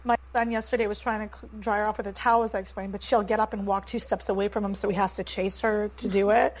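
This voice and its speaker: A woman from Canada with a Canadian accent, talking as a podcast guest in animated casual chat, laughing often and saying "like" a lot. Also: mid-range voice, quick pace, rough recording.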